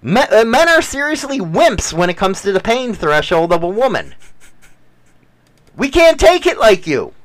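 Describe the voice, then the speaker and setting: A man's voice: sits high, huge pitch swings, normal speed. A middle-aged man in casual banter with his wife, teasing and joking with mock-chauvinist lines. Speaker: podcast co-host.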